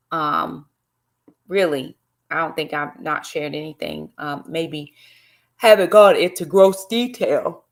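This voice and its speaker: Gravelly-voiced woman live-streaming. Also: lowish voice, sharp tone. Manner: chatty, greets viewers by name, preachy asides. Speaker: livestream host and Bible study teacher. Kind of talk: casual live-stream devotional talk.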